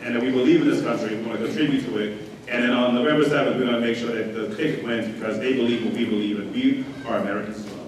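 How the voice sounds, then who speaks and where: A man's voice: mid-range voice, steady tone, racing. A man from Honduras, president of a Latino political group, giving an earnest rally speech. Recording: echoey room from far off, loud crowd and noise.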